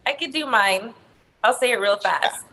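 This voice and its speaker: A woman co-hosts a casual podcast chat, telling stories animatedly and laughing a lot. Her voice is fairly high and moves at a normal speed, though the recording is rough.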